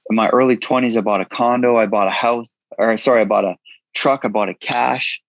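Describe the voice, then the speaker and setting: A man's voice: mid-range voice, steady tone, fairly quick, no room sound, muffled recording. A man in his thirties, a guest in an interview, telling his story frankly and casually, swearing freely. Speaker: guest, entrepreneur.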